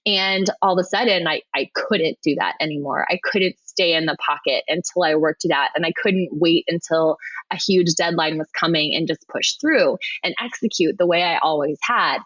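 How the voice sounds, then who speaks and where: A woman in her thirties talks through her work story as a podcast guest, animated and quick to laugh. Her voice sits low for a woman. The sound is dry and a little dull. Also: no echo. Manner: animated, laughs often, frequent restarts. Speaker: podcast guest, web designer. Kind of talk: conversational storytelling.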